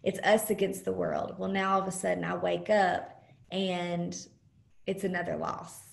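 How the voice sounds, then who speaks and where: Woman sharing her story on a video call, halting and earnest, kinda raspy, roomy sound. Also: on the low side, flat delivery. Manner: earnest and halting, with many pauses and fillers. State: close to tears at times. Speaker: conference guest speaker. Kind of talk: personal testimony over video call.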